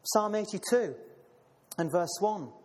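An animated, high-pitched preacher speaks at a slow pace as he reads scripture and addresses brothers and sisters. Many fillers and repeated words mark his sermon, which rings with long hall reverb.

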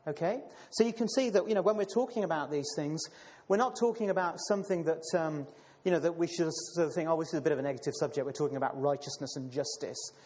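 A man's voice: fairly high pitch, fast, a little mellow. A man preaching a sermon and reading scripture, calling listeners brothers and sisters, with many fillers and repeated words. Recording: long hall reverb.

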